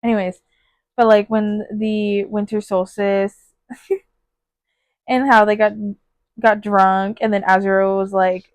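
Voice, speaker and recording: A woman's voice: mid-range voice, flat delivery, slow, pauses often, dry recording. A woman giving a casual, gushing book review on her phone, full of fillers and emotional asides. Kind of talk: casual spoiler book review with read-aloud passages.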